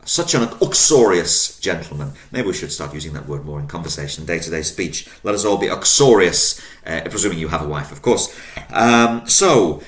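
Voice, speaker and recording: A Latin teacher with a low, expressive voice leads a lesson online. Patient throughout, he spells out word endings and draws out each new vocabulary word, and there's a roomy echo on the recording.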